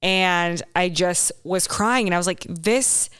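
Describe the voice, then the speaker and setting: A woman's voice: fairly low pitch, fairly even intonation, measured pace, fairly bright tone, smooth, dry recording, clean studio sound. A young woman hosting a podcast, telling a personal story in a candid, rambling way, swearing freely and acting out her own thoughts. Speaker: podcast host.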